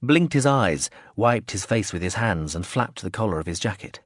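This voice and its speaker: A man narrates a science-fiction audiobook in a measured, expressive storytelling style. His lowish voice is captured in a dry, studio-quality recording of scripted narration.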